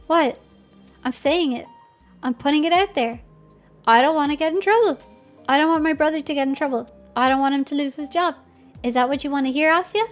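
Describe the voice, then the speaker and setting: A woman's voice: high-pitched, a little fast, faint music behind, natural voice. A woman reading the lines of a defensive, sardonic young woman from a visual novel, in a blunt and self-mocking way.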